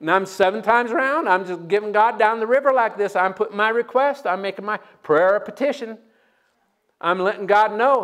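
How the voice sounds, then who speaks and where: A man preaching a sermon as pastor, energetic and joking, breaking into loud shouts. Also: high voice, brisk.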